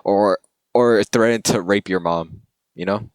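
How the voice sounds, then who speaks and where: A man's voice: on the low side, measured pace. A young man co-hosting a podcast, chatting casually and jokingly, often trailing off. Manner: joking, rambling, trails off quietly. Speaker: podcast co-host. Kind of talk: casual chat.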